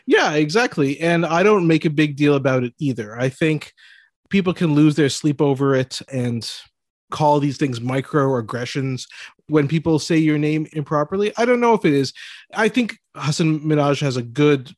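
A man's voice: on the high side, moderate pace, dry recording, studio quality. A man in a casual conversation, talking in a thoughtful and agreeable way.

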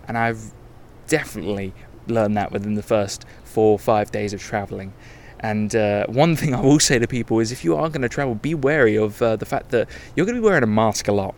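Candid rambling man, low voice. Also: brisk, slight background noise. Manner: rambling, candid, self-correcting. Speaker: podcast host. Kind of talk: casual travel podcast monologue.

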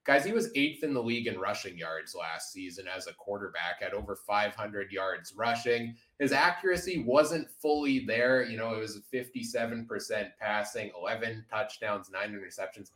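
A man's voice: fairly low pitch, normal speed, few pauses, fairly bright tone, reverberant, rough recording. A man hosting a casual sports podcast roundtable, analytical and steering the talk, with frequent "uh" fillers. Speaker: podcast host.

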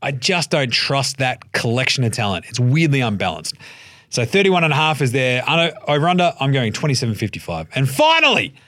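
An Australian man hosting a solo sports podcast, swearing freely and joking, acting out other people's lines in quick put-on voices. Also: mid-range voice, very animated, pushed and bright, no room sound, studio quality. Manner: profane, jokey, acts out quoted voices. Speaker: podcast host.

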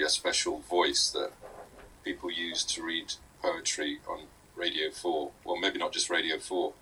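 A man's voice: low voice, bright, forceful tone, husky, rough recording. A man co-hosting a casual chat about his sketches, joking and laughing often. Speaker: co-host and sketch writer.

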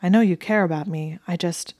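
A woman voicing a smug but devoted young male wizard, speaking his lines dryly and earnestly in her own low voice. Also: fairly quick, a little mellow, no room sound, studio quality, close to an everyday voice.

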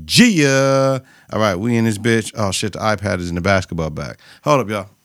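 Gravelly man riffing casually. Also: lowish voice, normal speed, dry recording, studio quality. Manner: loose slang-heavy retelling with repeated catchphrases. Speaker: podcast host recapping a TV episode. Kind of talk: casual profane chat.

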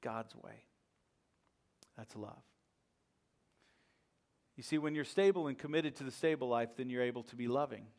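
A man preaching a sermon as pastor, swinging between loud emphatic lines and hushed ones. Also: mid-range voice, normal speed, gravelly, pauses often.

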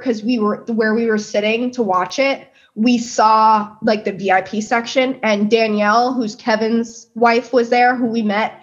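A woman in her twenties from New Jersey, telling an excited story in casual chat, swearing freely and acting out quotes. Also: on the high side, muffled recording. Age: 20s. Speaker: guest pastry chef.

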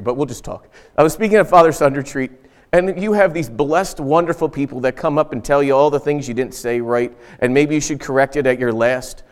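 A middle-aged male pastor delivering a sermon in a church. His voice is smooth and resonant, at an ordinary pitch for a man. He talks in an earnest, conversational way, repeating key lines for weight.

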